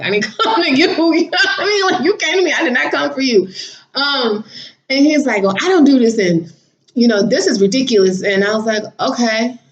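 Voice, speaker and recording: Woman vlogger just chatting and telling stories, mid pitch, kinda lo-fi audio. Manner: chatty, animated, laughs while telling stories. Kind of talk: casual storytelling vlog. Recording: slightly dull lo-fi audio.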